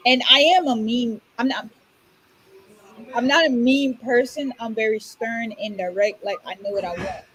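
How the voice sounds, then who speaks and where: A young woman from Orlando who tells stories in a blunt, animated way, swearing freely in casual podcast chat. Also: fairly high pitch, moderate pace, rough recording. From Orlando, Florida. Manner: blunt, animated storytelling with profanity.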